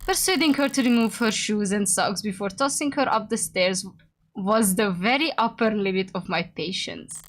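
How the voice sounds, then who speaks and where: A woman voicing a weary lawyer who narrates inner thoughts in a quiet, dry tone. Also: medium pitch, normal speed, natural voice.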